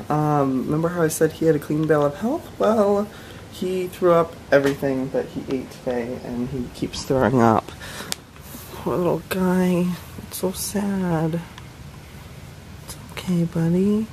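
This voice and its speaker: A man's voice: on the high side, slight background noise, rough recording. A young man talking casually to his vlog camera, chatty and rambling with lots of fillers. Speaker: vlogger.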